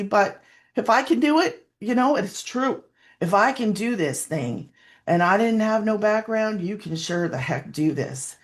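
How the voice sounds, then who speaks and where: A woman giving a rambling, heartfelt personal testimonial as a webinar guest over a video call, sometimes close to tears. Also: lowish voice.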